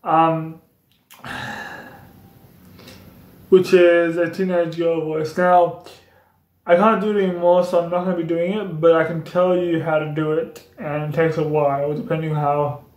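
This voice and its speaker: Young guy rambling on about how to do voices, kinda high voice, echoey room. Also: level tone, a little slow, pauses often, a little mellow. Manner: rambling, repetitive explanations. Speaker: YouTuber doing voice impressions. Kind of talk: casual vlog tutorial.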